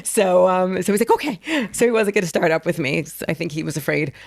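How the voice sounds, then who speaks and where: Animated middle-aged woman telling a story. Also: on the low side, quick pace, creaky, dry recording, clean studio sound. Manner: animated, acts out quotes. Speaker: guest. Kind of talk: casual storytelling.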